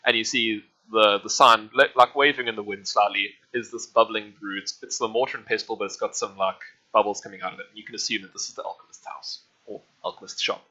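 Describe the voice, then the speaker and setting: A man's voice: lowish voice, steady tone, fast, few pauses, pushed and bright, muffled recording. A man narrating as game master in a casual, rambling way, full of fillers.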